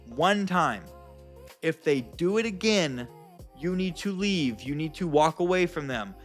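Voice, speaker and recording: Dude talking straight to the camera, kinda high-pitched, blunt and chatty, soft music behind. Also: male voice, lively intonation, measured pace. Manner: blunt, conversational, addresses viewers as guys and bro. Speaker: self-help vlogger. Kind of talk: casual direct advice to camera.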